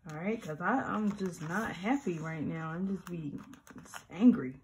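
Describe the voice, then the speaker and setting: Lady chatting over her planner, lowish voice, faint noise behind. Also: unhurried. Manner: chatty, animated, mock-grumpy asides. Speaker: planner vlogger. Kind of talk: casual plan-with-me chat.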